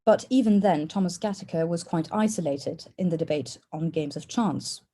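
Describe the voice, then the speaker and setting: A woman presenting a formal academic paper at an online conference, in a measured way with an occasional "uh". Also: lowish voice, mellow. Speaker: conference speaker. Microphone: online conference call.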